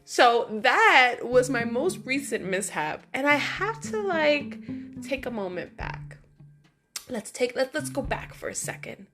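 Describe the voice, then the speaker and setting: A woman with a fairly high voice chats through a casual vlog. She tells her stories in an animated way and keeps dropping fillers as she goes. Soft music plays faintly behind her. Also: unhurried. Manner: animated, chatty, many fillers like "like" and "you know". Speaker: vlogger. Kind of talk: casual storytelling monologue.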